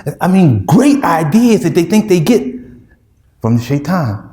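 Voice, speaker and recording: A man's voice: a little high, very animated, measured pace, mellow, roomy sound. A man with an American accent preaching a sermon, emphatic and repetitive, with street slang. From United States.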